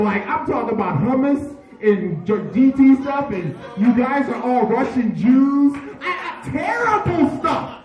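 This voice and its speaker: A man emceeing a comedy tribute show, loud and profane, hyping the crowd between stories. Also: extremely high pitch, big pitch swings, measured pace, distant mic, lo-fi sound. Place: comedy bar stage with audience. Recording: echoey room, mic from afar, crowd.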